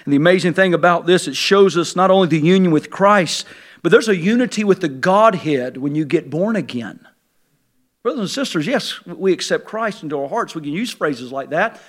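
A male pastor preaching a sermon in a church sanctuary, swinging between hushed, intimate passages and fervent shouted climaxes. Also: fairly high pitch, a little fast.

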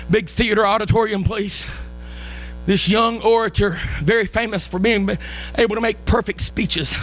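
Preacher, male, high bright voice, fervent sermon delivery, soft music underneath. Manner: impassioned, rises to shouting and crying out.

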